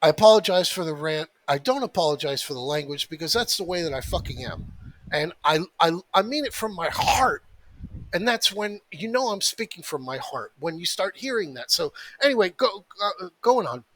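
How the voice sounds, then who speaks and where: A man with a bright, forceful voice and a slightly high pitch, walking through stock charts. He talks bluntly and swears freely. He drives his points home by repeating them. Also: sing-song, normal speed, no room sound. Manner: blunt, profane, emphatic, repeats phrases. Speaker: options trading educator. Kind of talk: market analysis with a rant.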